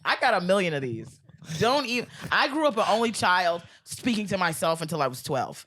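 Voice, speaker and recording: A woman in her forties, a comedian guest, telling a long joke in casual podcast chat, animated and laughing often. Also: on the low side, fairly quick. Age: 40s. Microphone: studio mic.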